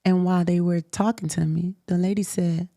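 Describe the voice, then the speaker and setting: Woman host, low-ish voice, animated candid storyteller, quick to laugh. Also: dry recording. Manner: animated, laughs often, emphatic.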